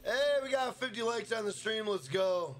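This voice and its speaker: Here a young man from Minnesota, voice sitting high and animated at a normal pace, live streams gameplay. Casual and excited, he curses freely and keeps hyping his chat, calling out individual members.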